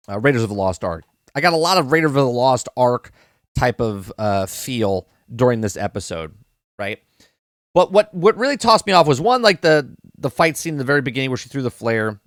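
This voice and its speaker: A man with a somewhat high voice talks through a TV episode for his live-stream audience in a loose, rambling way. He repeats himself, restarts sentences and keeps asking "right?" The sound is dry and close. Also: dry recording. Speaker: podcast host reviewing a TV episode. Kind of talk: casual live-stream review.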